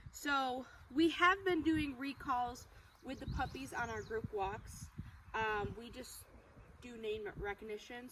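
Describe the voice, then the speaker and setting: Outdoors on a walk, a young woman dog trainer demonstrates a recall exercise, explaining it calmly between high, excited, bright calls to the dog. The distant mic picks up outdoor noise.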